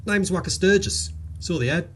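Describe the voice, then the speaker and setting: A man's voice: high voice, animated, moderate pace, slight background noise, pitched above the performer's own voice. Man voicing a cheerful Aussie outback bloke. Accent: Australian. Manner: laid-back drawl, chatty slang.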